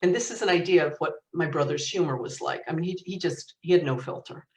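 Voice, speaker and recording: A middle-aged woman author telling funny family stories as a guest, with a lively anecdotal manner and easy laughter. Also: sits low, fast. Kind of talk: storytelling in conversation. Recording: roomy echo, distant mic.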